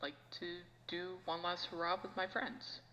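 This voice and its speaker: A woman guest on a casual podcast, with deadpan, mock-menacing banter. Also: fairly low pitch, moderate pace, in a large hall, slight background noise, low-quality recording.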